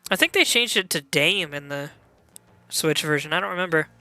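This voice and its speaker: A man's voice: fairly high pitch, lively intonation, moderate pace, bright, forceful tone, soft background music. Chatty man commentating a game. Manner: chatty, self-deprecating, laughs at own slips. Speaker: let's play host.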